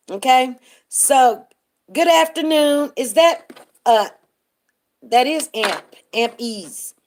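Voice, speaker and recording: A woman hosting a live stream and telling a story in a casual, chatty way. She keeps breaking off to greet viewers by name. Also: on the high side.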